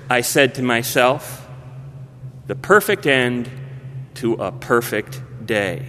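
A man, a pastor, telling a story in a sermon in a measured way, often dropping to a hushed voice at the ends of phrases. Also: mid-range voice, animated, a little hiss or hum. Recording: long reverb of a large hall.

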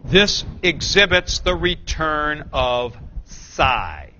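Male teacher, high voice, slow deliberate lecture delivery, dull lo-fi classroom recording. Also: sing-song, pushed and bright, slight background noise. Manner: explains patiently, recites forms, corrects himself aloud. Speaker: Greek teacher.

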